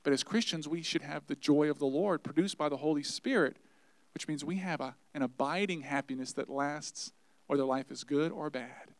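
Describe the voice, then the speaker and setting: A man preaching a sermon, telling personal stories earnestly and swinging between quiet, soft passages and loud, emphatic warnings. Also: fairly high pitch, normal speed, no room sound. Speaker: pastor.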